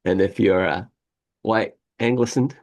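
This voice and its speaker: A low-voiced man with a gravelly edge co-hosts a relaxed podcast. He reads passages aloud and keeps wandering off into chatty asides, laughing as he goes. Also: a little slow. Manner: rambling, digressive, laughs often. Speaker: podcast co-host. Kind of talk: casual chat reading from a history book.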